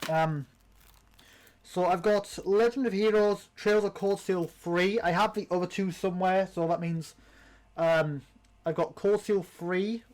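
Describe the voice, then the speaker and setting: A man's voice: sits high, a little slow, darkish tone. A young man from the United Kingdom hosting a casual unboxing vlog, rambling and chatty, with many ums and restarts. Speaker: channel host.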